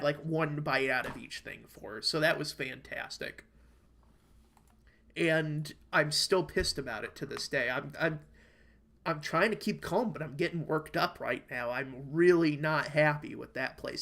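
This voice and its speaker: A man's voice: a little high, creaky, a bit bright. A young American man in casual podcast chat over an online call, rambling and swearing as he rants about bad food. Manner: rambling, profane, worked-up storytelling. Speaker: podcast co-host. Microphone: online call microphone.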